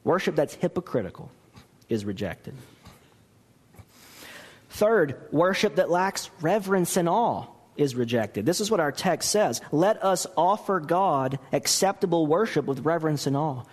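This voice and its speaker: Male pastor, sermon delivery, high and very lively voice, long reverb of a large hall. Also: unhurried, breathy edge. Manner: expressive preaching, acting out quoted dialogue.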